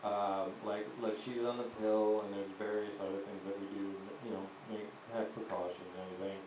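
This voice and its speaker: A man's voice: on the low side, flat delivery, fairly quick, distant mic, noisy background. A young man doing a crude, rambling stand-up set on a comedy club stage, slipping into voices to act out his jokes. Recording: echoey club heard from afar.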